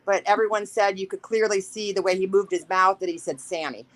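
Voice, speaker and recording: A woman's voice: mid-range voice, fairly even intonation, fairly quick, rough recording. A woman calling in to a live talk show, speaking in an emotional, rambling and insistent way. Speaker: caller. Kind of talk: casual call-in chat.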